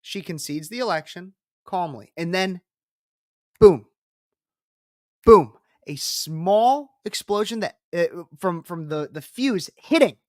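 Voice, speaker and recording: A woman's voice: fairly low pitch, animated, takes it slowly, darkish tone, dry recording, studio quality. Emphatic woman political commentator. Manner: emphatic, repetitive, combative. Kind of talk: reaction commentary on a speech clip.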